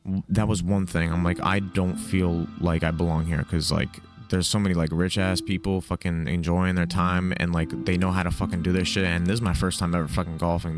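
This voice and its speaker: A young man with a very low, deep voice tells a casual, comic story, rambling and swearing freely and packing his sentences with fillers. Faint music sits quietly behind him. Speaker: storyteller, video host. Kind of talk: casual comedic trip story.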